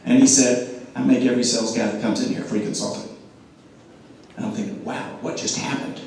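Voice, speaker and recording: A man giving an animated sales talk to an audience, throwing questions at the room and acting out quotes. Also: mid-range voice, brisk, creaky, a little hiss or hum. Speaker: speaker at a club meeting. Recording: echoey room, mic from a distance.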